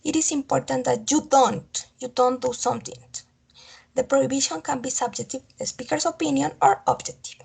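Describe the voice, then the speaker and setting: High, husky woman teacher. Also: steady tone, a little fast, darkish tone. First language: Spanish. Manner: repeats each example, checks understanding with "okay?". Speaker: English teacher. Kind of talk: online grammar lesson.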